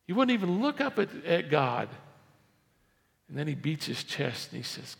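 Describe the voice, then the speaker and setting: Gravelly-voiced preacher man in a hall. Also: very animated, moderate pace, pauses often. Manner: preaching with sudden swings between loud emphasis and low, quiet asides. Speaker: pastor. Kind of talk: sermon. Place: church.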